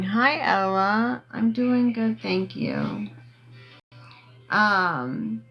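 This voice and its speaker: A woman's voice: medium pitch, lively intonation, extremely slow, a bit bright, soft background music, rough recording. A woman chatting casually on a livestream, rambling through a personal story and asking viewers for gifts. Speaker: TikTok live streamer.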